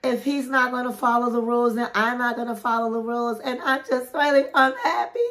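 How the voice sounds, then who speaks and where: A woman putting on the voice of an upset young bride, high-pitched and complaining. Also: little pitch movement, brisk, a bit bright, natural voice. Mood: indignant.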